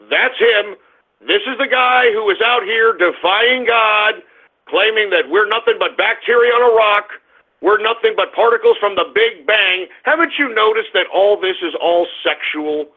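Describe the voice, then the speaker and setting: A male radio talk show host delivering a combative, crude, ranting monologue. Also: sits high. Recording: tinny phone-like radio sound.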